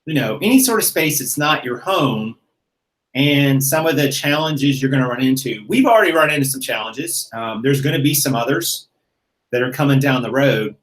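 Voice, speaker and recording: A man hosting his own channel in a casual chat, relaxed and self-mocking, laughing easily. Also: medium pitch, moderate pace, low-quality recording. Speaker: YouTube channel host.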